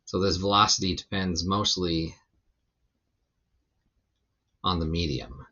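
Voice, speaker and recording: A man's voice: deep voice, slow, dull audio. A man teaching a physics lesson in a recorded lecture, explaining loosely with lots of ums and restarts. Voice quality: gravelly when relaxed. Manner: loose, rambling explanation with many fillers.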